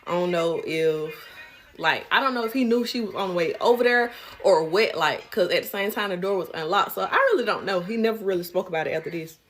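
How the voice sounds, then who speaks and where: Blunt, animated young woman telling a story. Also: lowish voice, fairly quick. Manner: animated, blunt, profane, acts out quotes. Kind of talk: casual storytime.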